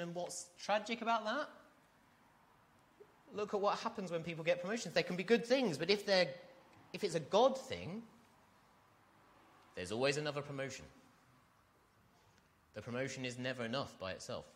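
A man's voice: on the high side, lively intonation, normal speed, pauses often. A man preaching a sermon, talking conversationally and asking his listeners questions. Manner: conversational, asks the congregation questions.

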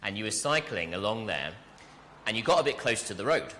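A man preaching a sermon, animated and speaking directly to his congregation in a church. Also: on the low side, brisk, in a large hall, a little hiss or hum. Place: church hall.

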